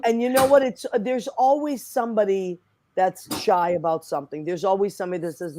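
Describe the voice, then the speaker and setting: A woman's voice: medium pitch, brisk, mellow, slight background noise. A woman hosting a podcast over a video call, effusive and chatty. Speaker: podcast host. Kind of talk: casual chat.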